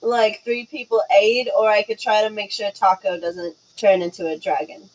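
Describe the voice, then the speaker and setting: A woman's voice: medium pitch, steady tone, normal speed, low-quality recording. A woman playing a tabletop game, talking casually with hesitant ums as she plans her turn. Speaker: player.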